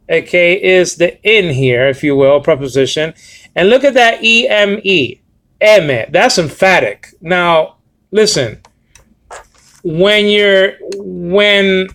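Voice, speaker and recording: A man with a slightly high voice leads a Bible lesson, reading Greek words off an app on his screen. He talks in an emphatic, repetitive way and keeps checking in with "okay?" as he goes. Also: a bit bright. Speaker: Bible teacher.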